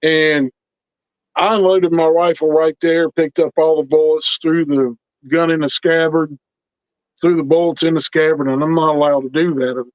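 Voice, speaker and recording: An earnest man tells a story in a folksy, unhurried way, often repeating himself as tension builds. His voice sits a little high for a man. The recording is dry and slightly dull, with a lo-fi quality. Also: level tone, no echo. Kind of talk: casual spoken storytelling.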